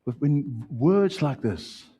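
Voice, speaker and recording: A South African pastor delivers his sermon in a husky, mellow voice. He climbs loud and high on key points, then falls back to quiet, low asides. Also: lively intonation, slow pace. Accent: South African English. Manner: preaching with wide swings, rising loud then dropping soft.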